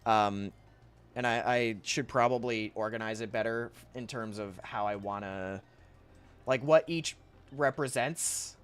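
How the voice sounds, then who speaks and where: A man's voice: on the low side, unhurried, clear, resonant tone, soft background music. A young man streaming while he draws, rambling casually to chat, reading messages aloud and often laughing.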